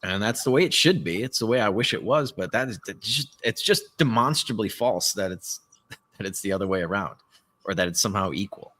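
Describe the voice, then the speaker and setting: A man co-hosting a live podcast, talking in a rambling, animated way and swearing often. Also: fairly low pitch, fairly quick. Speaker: podcast co-host. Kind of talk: casual political chat. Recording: live stream call.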